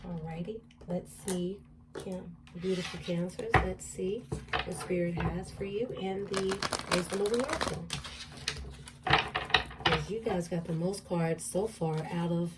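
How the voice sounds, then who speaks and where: A woman's voice: lowish voice, fairly even intonation, measured pace, recorded from a distance, heavy background noise. A woman doing a casual tarot reading, musing aloud and repeating card affirmations. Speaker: tarot reader.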